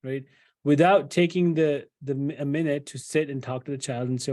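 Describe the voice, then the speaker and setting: A man's voice: medium pitch, moderate pace, darkish tone. A middle-aged man giving a conversational lecture to parents as a psychologist, often checking in with "right?" and acting out what a parent might say. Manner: conversational, many fillers and "right?" tags, acts out parent quotes.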